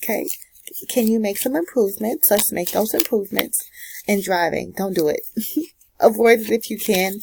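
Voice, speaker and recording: A woman's voice: mid-range voice, moderate pace, gravelly, darkish tone, a little hiss or hum, low-quality recording. A woman giving a casual pick-a-card astrology reading, with sassy, slangy, direct advice. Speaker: tarot and astrology reader.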